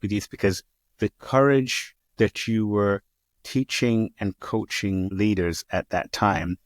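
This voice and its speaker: A man hosting a podcast interview, listening closely and speaking in a steady, thoughtful way. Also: on the low side, a little slow, dry recording, studio quality. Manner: attentive, steady, backchannels often. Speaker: podcast host.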